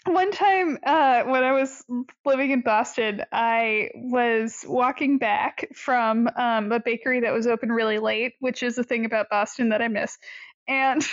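A woman's voice: on the high side, no room sound, dull audio. A woman chatting casually as a podcast co-host, giggly and full of fillers. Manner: giggly, with lots of fillers and playful put-on voices. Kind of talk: casual chat.

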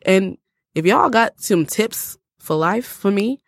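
A young woman, co-hosting a podcast and telling stories in an animated, laughing way. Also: mid-range voice, takes it slowly, vocal fry, no echo, studio quality. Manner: animated storytelling with frequent laughter. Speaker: podcast co-host. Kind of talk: casual podcast chat. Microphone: podcast microphone.

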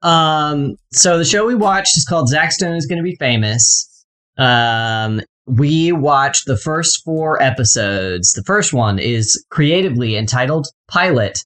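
A man co-hosting a podcast, summarizing a TV show in a relaxed, casual way with many fillers. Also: fairly high pitch, unhurried. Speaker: podcast co-host. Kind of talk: casual chat and show recap.

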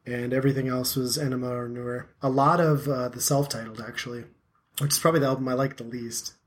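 A man's voice: medium pitch, steady tone, quick pace. A man in his thirties hosting a casual podcast chat, rambling and self-deprecating with plenty of filler words. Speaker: podcast host.

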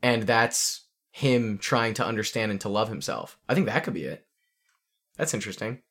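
A man's voice: on the low side, expressive, moderate pace, fairly bright tone. A man co-hosting a music podcast, talking in a laid-back way and laughing easily. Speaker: podcast co-host. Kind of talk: casual music podcast chat.

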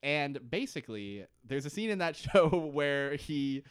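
A man's voice: fairly high pitch, big pitch swings, a little slow, clean tone, no echo, studio quality. A young man co-hosting a podcast, recapping TV in a rambling, jokey way and swearing often. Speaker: podcast co-host. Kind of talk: casual TV recap chat.

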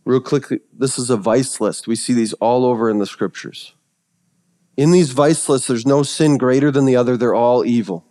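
A male pastor preaching a sermon, telling stories that swing from hushed, reverent passages to excited retellings. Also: mid-range voice, moderate pace, in a large hall.

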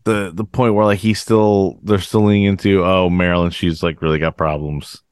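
A man's voice: sits low, flat delivery, moderate pace, darkish tone, clean tone, no echo, studio quality. A man co-hosting a podcast in casual chat, rambling with lots of "like" fillers. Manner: rambling, heavy on filler words like "like". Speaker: podcast co-host.

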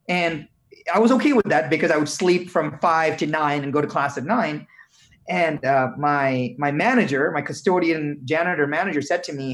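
A man from India, a guest in an interview, telling his story earnestly with frequent halting restarts. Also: fairly high pitch, fairly bright tone.

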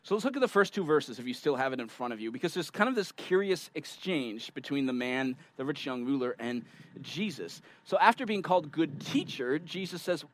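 A man preaching a sermon, reading scripture aloud and explaining it in a conversational, animated way with asides to his listeners. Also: on the high side, fairly quick, poor audio. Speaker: pastor.

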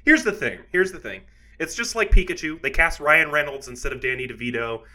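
A man's voice: on the high side, expressive, fairly quick, sharp tone. A man hosting a podcast in casual chat, upbeat and laughing often. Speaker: podcast host.

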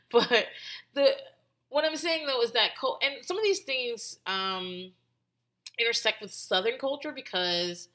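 A woman's voice: mid-range voice, sharp tone. A woman hosting a podcast in casual chat, talking in a loose, rambling way full of "like" and restarts and swearing freely. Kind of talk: casual commentary.

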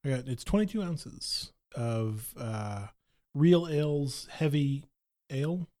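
A man co-hosting a casual chat, wry and hesitant, drawing out his words with pauses. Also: mid-range voice, dark tone.

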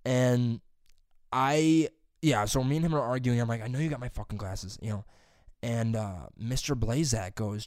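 A young man in mid-pitch rambles through an old school grievance, cursing casually and leaning on "dude" and "like". The recording is dry, as from a close mic. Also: moderate pace, darkish tone, dry recording. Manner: profane, rambling, says "dude" and "like" constantly. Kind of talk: casual storytelling chat.

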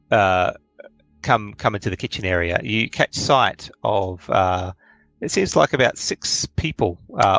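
A man running a tabletop game, narrating with a lively, rising and falling voice. He pauses often with ums and uhs as he thinks. The sound is dry and close, with faint music underneath. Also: lowish voice, gravelly, no room sound, poor audio. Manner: hesitant, many ums and uhs. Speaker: game master.

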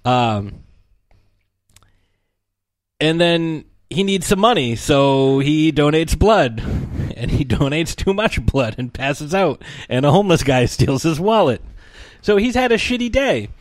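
A man's voice: a little high, unhurried, no echo. Man retelling a movie, dry sound. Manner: animated storytelling with frequent laughs and fillers. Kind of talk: casual movie discussion.

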